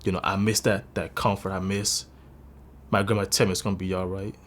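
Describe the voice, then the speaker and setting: A man in his twenties with a very low, deep voice, giving a candid personal testimony. He speaks earnestly and confessionally, and his voice carries a lot of emotion. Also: little pitch movement, fairly quick. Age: 20s. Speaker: interviewee sharing a personal story.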